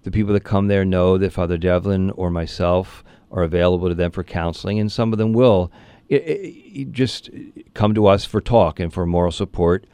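A man, a priest, speaking in an interview and telling a story earnestly, with frequent restarts and lively animation. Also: low-pitched, moderate pace, clean tone, no room sound.

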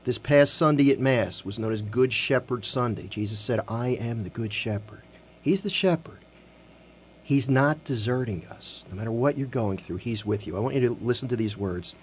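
A man's voice: mid-range voice, husky. Earnest man hosting Catholic radio. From Philadelphia. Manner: earnest, slows down to read scripture softly. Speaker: radio host. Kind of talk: Catholic radio talk and scripture reading. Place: radio studio.

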